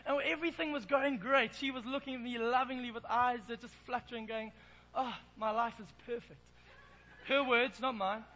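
A man's voice: very high-pitched, fairly even intonation, a little fast, few pauses, sharp tone, a little hiss or hum, low-quality recording. An Englishman preaching in church, telling a self-deprecating, playful story. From England. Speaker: pastor. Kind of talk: sermon with humorous storytelling.

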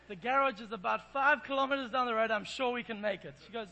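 A man's voice: extremely high pitch, fast talker, creaky, hardly any pauses, noisy background. An Englishman preaching in church, telling a self-deprecating, playful story. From England. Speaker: pastor. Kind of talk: sermon with humorous storytelling.

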